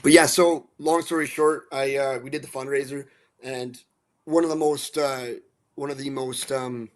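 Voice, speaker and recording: A man from central Alberta talking casually as a guest, animated and blunt, swearing now and then, restarting and repeating words. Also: mid-range voice, normal speed. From central Alberta, Canada. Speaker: guest, musician and dog rescue advocate. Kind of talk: casual storytelling.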